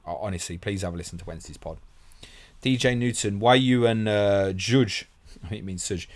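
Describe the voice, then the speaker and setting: A low-pitched man chats on a live stream, reading viewer comments aloud and firing back blunt, laughing answers. He swears freely and talks in a loose, unscripted way. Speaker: host of a fantasy football stream.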